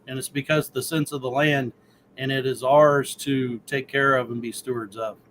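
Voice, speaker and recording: A man's voice: mid-range voice, steady tone, normal speed, fairly bright tone, slight background noise, poor audio. A man in a casual group chat, rambling with many fillers.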